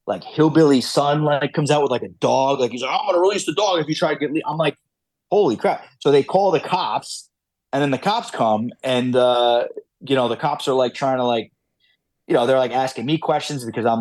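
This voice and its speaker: A man's voice: medium pitch, darkish tone, no room sound. Rambling man telling stories on a podcast. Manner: rambling, many fillers and restarts. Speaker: podcast guest, falconer. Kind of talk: casual storytelling.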